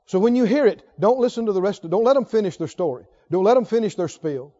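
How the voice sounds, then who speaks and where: High-voiced emphatic male preacher. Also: expressive, quick pace, warm tone, dull audio. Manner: emphatic, asks the congregation questions. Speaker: pastor. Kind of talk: sermon.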